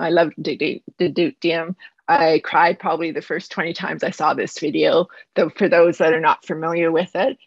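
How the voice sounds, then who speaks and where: A woman teacher from Canada presents at an online conference from her home. She talks fast and earnestly, a little nervous, and her voice is husky. The video-call audio is dry and dull. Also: on the low side, dry recording. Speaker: high school math teacher presenting a project.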